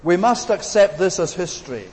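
High-voiced man preaching in a reverberant hall. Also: lively intonation, moderate pace, a little mellow. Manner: earnest, emphatic, repeats key words. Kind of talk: sermon. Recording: long reverb in a hall, faint hiss.

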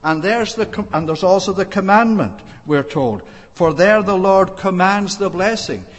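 Preacher, man, measured sermon delivery, slightly high voice, recorded in a reverberant church. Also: expressive. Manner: measured preaching with frequent uh fillers and restarts. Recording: long reverb of a church hall.

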